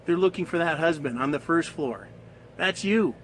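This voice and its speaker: A man's voice: fairly high pitch, animated, moderate pace, a bit bright, slight background noise, low-quality recording. A man ranting in a coarse, scornful monologue, swearing and laughing at his own points. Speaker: commentator.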